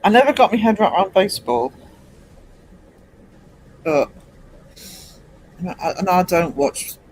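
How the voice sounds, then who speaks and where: An English man in his fifties hosting a casual late-night livestream, rambling and hesitant with many pauses. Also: high-pitched, expressive, a little hiss or hum, low-quality recording. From England. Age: 50s. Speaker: livestream host.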